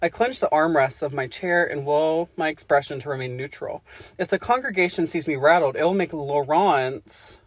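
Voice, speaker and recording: A woman's voice: low voice, normal speed, no echo. A woman co-hosting a podcast, reading erotic fiction aloud with crude, giggly asides and frequent self-interruptions. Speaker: podcast co-host.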